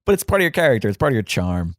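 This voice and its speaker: A man from New York hosting a podcast, animated and fast-talking, chatting casually and laughing often. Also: mid-range voice, no echo, clean studio sound. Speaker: podcast host.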